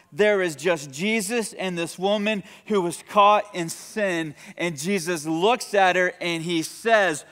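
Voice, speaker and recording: A pastor with a high, fairly bright voice that is clear and resonant preaches in a church sanctuary. He calls out for the congregation's response, his words echoing through the hall.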